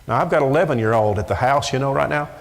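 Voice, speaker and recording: A man's voice: mid-range voice, very fast, vocal fry. A middle-aged man preaching a sermon emphatically, often repeating words as he presses a point. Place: church sanctuary. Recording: echoey church hall.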